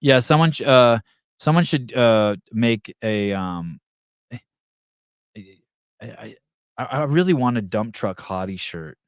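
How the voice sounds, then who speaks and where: A man hosting a live podcast, chatting casually and reading the chat aloud, rambling and swearing as he thinks out loud. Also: mid-range voice, lively intonation, a little slow, pauses often, clear, resonant tone, dry recording, studio quality.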